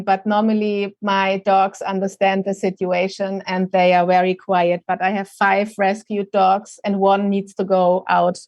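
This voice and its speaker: A woman with a German accent, a native German speaker, talking as an interview guest in a halting, earnest way as she searches for words. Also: mid-range voice, dry recording. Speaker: guest, animal rescue project head. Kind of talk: casual interview over a call.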